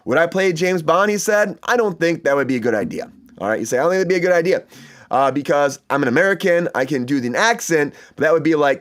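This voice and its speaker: Chatty enthusiastic man hosting entertainment news. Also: fairly high pitch. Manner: chatty and enthusiastic, many fillers and asides. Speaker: host. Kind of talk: casual entertainment news chat.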